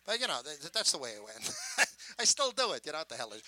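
An older man telling stories in a gruff, rambling, wisecracking way about his years as a sideshow showman. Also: on the high side, sing-song, quick pace, sharp tone, no echo, poor audio. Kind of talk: casual storytelling.

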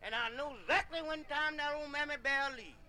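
A man voicing a gruff old father who gives drawled commands in a folk tale. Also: very high voice, a little fast, bright, forceful tone, exaggerated voice. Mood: bossy.

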